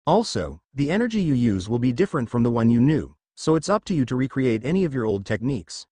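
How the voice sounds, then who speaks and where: A man voicing Death, a stern male spirit of the afterlife, speaking calmly and instructively in a fan fiction audiobook. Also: medium pitch, quick pace, breathy edge, dry recording. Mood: solemn.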